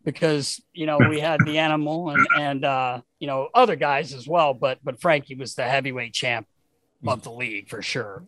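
A man's voice: mid-range voice, fairly even intonation, moderate pace, a bit bright. A man co-hosting a podcast, recalling old teammates in a rambling, casual chat with lots of fillers. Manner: rambling, filler-heavy recollection. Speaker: podcast co-host.

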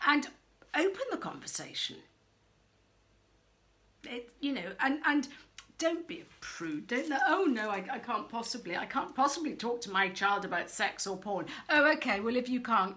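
A middle-aged woman giving frank, animated parenting advice straight to camera, acting out quoted voices as she goes. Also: medium pitch. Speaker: parenting coach. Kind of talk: direct-to-camera advice talk.

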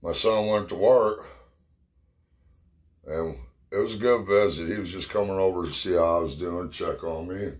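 A middle-aged man with a very low voice spins rambling, cuss-heavy stories from his past. He sounds a little short of breath as he talks, in a loose, casual way. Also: moderate pace, long pauses. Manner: profane, rambling storyteller. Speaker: storyteller. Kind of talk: casual spoken memories.

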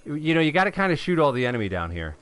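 A middle-aged man from New York giving excitable live gameplay commentary, calling out to viewers and shouting when things go his way. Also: a little high, rapid-fire. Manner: excitable, shouts at wins, talks to viewers as folks. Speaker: gaming live streamer.

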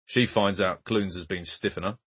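A man voicing a blunt male police investigator who talks flatly with low-key menace. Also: moderate pace, slightly rough, no echo. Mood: dry.

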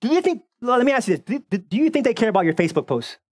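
Animated, sarcastic man preaching a sermon. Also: extremely high pitch, rapid-fire. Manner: animated, sarcastic, repeats words when fired up. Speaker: pastor.

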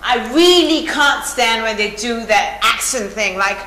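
An actress plays a boastful young woman at an audition, chatting and rambling with many fillers. Her voice is on the high side, animated, bright and pushed, yet unhurried. The echoey room carries background noise.

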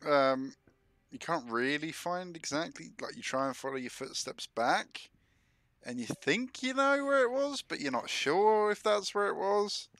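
A man acting as game master in a casual tabletop session, narrating and answering players with quick mm-hmms. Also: fairly high pitch, lively intonation, fairly bright tone.

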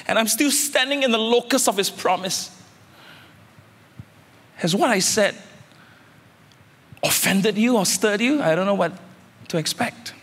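A male pastor delivers an emphatic sermon, his voice sitting a little high for a man. He hammers his points with repeated phrases and sudden loud climbs. The sound carries a long hall reverb. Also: unhurried, long pauses, husky. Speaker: senior pastor.

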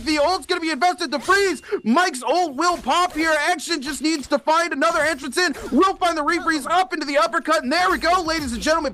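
Bright high excited esports caster man. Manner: excited, rising hype calls. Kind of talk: fast esports commentary.

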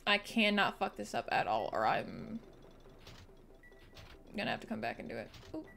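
A woman's voice: fairly low pitch, normal speed, gravelly. A woman streamer giving casual, profanity-laced commentary while playing a video game. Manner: swearing, animated and reactive. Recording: faint music behind.

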